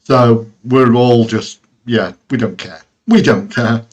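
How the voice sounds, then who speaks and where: A man with a Midlands English accent chats as a guest in a mid-pitched voice. He talks in a laid-back way, with dry jokes and easy chuckles. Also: slow. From Stoke-on-Trent, England. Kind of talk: casual chat.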